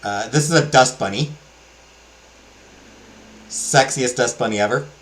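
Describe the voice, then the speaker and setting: A man's voice: medium pitch, unhurried, a little hiss or hum, low-quality recording. Rambling man narrating a game. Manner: rambling, enthusiastic, many fillers. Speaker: let's play host. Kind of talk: casual game commentary.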